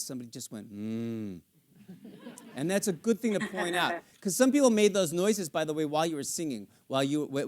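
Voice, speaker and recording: Middle-aged male composer, lively, playful, acts out lines, fairly high voice. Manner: animated, acts out lyrics and inner thoughts, swearing, playful. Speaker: composer coaching a singer. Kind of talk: live masterclass coaching. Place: theater stage with studio audience.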